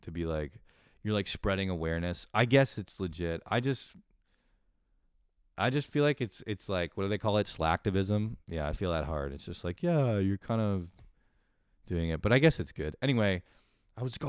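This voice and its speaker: Low-voiced man rambling on his podcast. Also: expressive, moderate pace, clean tone, no room sound, clean studio sound. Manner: rambling, profane, self-deprecating, with frequent laughs. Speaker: podcast host. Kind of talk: casual solo podcast monologue.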